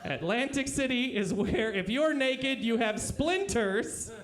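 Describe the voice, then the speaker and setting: A man doing comedy as a debater in a live club, crude punchlines with shouted bits. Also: extremely high pitch, expressive, takes it slowly.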